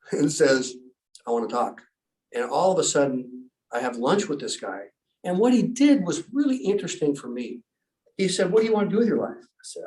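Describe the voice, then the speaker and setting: Animated middle-aged man telling stories. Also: medium pitch, recorded from a distance, low-quality recording. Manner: animated storyteller, acts out quoted voices. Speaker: pastor and former military rescue specialist. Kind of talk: storytelling in an interview.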